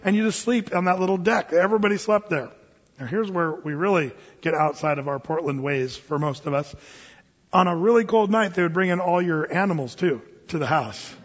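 A pastor in his forties, with a husky voice pitched high, preaches an animated sermon at a fairly quick clip. He tells everyday stories and drops into playful voices for the quoted asides. The audio is lo-fi and dull, carrying the long reverb of a big hall.

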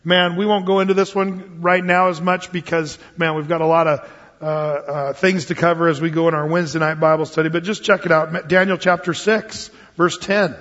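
A man teaching a Wednesday night Bible study as a pastor, telling stories with lively acted-out quotes. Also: on the high side, a little fast. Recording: dull lo-fi sound with long hall reverb.

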